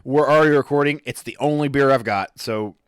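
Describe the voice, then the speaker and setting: A man co-hosting a podcast speaks fairly quickly in a clear, resonant mid-range voice. Chatting casually, he rambles, keeps correcting himself, and stumbles over his words. There's no room sound, and the quality is studio-grade.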